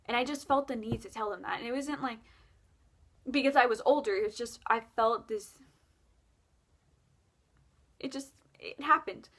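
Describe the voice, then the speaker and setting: A woman's voice: a little high, moderate pace, pauses often, fairly bright tone. A young adult woman telling a spooky dream story in a rambling, casual way, with lots of fillers and self-corrections.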